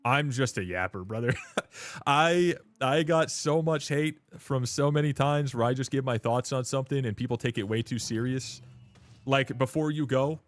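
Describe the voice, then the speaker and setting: A man chatting loosely on a live stream. He swears freely, laughs often and keeps calling people dude and brother. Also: mid-range voice. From Canada. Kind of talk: casual live-stream chat.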